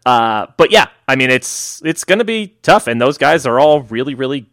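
A man's voice: medium pitch, lively intonation, moderate pace, a bit bright, dry recording, studio quality. A man co-hosting a casual running podcast, talking in a loose, rambling way and laughing easily. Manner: rambling, many fillers and restarts, easy laughs. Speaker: podcast co-host.

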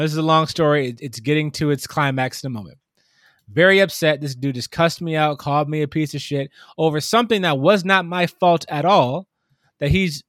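Animated man telling a story. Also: on the high side, no room sound, clean studio sound. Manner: animated storytelling, mimics customers. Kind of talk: casual chat.

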